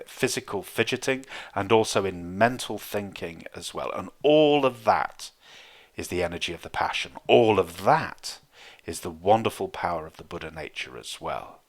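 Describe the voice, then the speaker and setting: A man giving a calm, reflective Zen Dharma talk, with frequent fillers and restarts. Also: deep voice. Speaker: Zen teacher.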